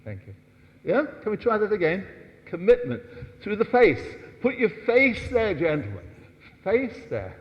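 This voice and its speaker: Older dance teacher in a big hall. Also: male voice, high-pitched, huge pitch swings, unhurried. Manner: coaxing, asks "yes?" often, counts out steps. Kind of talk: dance workshop lesson. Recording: dull distant hall sound.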